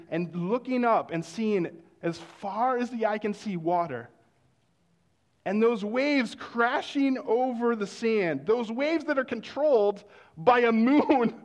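High-voiced male pastor preaching. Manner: conversational storytelling with hushed exclamations. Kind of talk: sermon.

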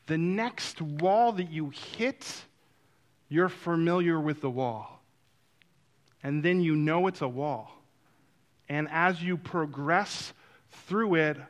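A man telling a personal story in a sermon-like way, acting out quotes and then turning soft and reflective. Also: on the high side. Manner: animated, acts out quotes, drops to a soft reflective tone.

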